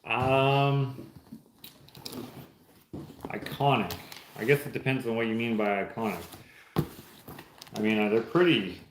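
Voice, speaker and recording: A man's voice: medium pitch, slow pace, long pauses, noisy background. A man hosting a casual livestream, reading chat aloud and opening gifts in an easygoing, joking way. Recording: roomy echo.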